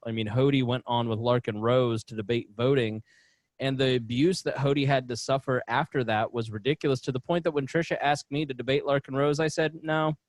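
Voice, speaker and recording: A man's voice: medium pitch, no room sound. A man from Indiana co-hosting a political podcast, telling long stories with stumbles and restarts. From Indiana, USA. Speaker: podcast co-host. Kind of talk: casual political podcast chat.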